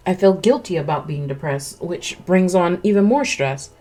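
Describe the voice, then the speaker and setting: Woman streamer, low-ish register, candid eating-stream chat, chewing audible, close mic. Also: moderate pace, few pauses, warm tone. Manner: chewing between words, candid and rambling. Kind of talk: casual chat while eating. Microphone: close desk mic. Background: faint music.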